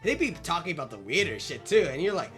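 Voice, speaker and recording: A woman does casual let's play commentary on a game, joking around animatedly and swearing freely over game music. Her voice is on the low side and her pace is quick.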